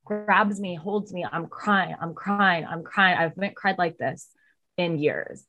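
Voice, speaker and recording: Candid woman guest, emotional and blunt, swears, climbs high when worked up. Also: a little slow, sharp tone, highs cut off. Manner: emotional, swears freely, rises sharply when heated. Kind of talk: candid personal storytelling.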